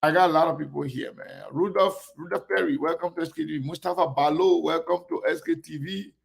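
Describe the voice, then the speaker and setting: Gravelly host greeting viewers. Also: male voice, fairly high pitch, fairly even intonation, a little fast. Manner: warmly greets viewers by name, one after another. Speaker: online show host. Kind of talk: casual live-stream chat.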